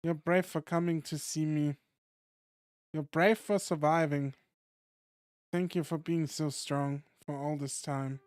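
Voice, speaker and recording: Drayden is a calm, earnest caretaker who soothes rather than scolds, as a man reads him. His voice is smooth and clear, taken slowly, and sits close and dry on the mic. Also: a little high, dry recording. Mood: soothing. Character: gentle, protective adult male caretaker in a fight league.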